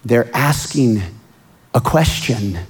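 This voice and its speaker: A man preaching a sermon, swinging from hushed, earnest lines to loud pleading outbursts. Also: mid-range voice, slow. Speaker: pastor.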